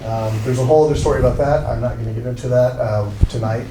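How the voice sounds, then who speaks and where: A man's voice: mid-range voice, steady tone, quick pace, a crowd in the background. A man, an art dealer, introducing a speaker at an event, rambling, joking at his own expense and getting emotional. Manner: rambling, self-deprecating, emotional. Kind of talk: live introduction speech. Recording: roomy, distant from mic, with noise.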